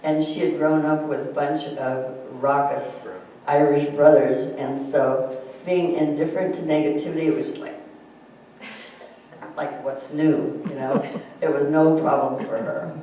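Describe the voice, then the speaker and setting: A woman giving a spiritual thought to a small group, gently reading a quote aloud and chatting, laughing often at her own stories. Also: sits low, steady tone, normal speed, hardly any pauses, a little hiss or hum. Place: room with a small audience. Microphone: distant room mic. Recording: echoey room recorded from far off.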